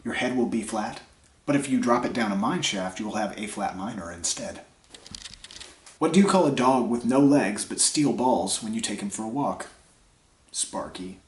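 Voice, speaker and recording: A man reading jokes aloud in a deadpan way, trailing off quietly after each punchline, while sick with a dry cough. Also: medium pitch. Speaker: comedy vlogger. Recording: echoey room.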